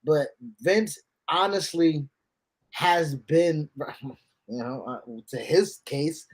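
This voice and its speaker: A man co-hosting a podcast in casual chat, animated and joking, laughing between his points. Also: fairly high pitch, drawn-out words. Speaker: podcast co-host.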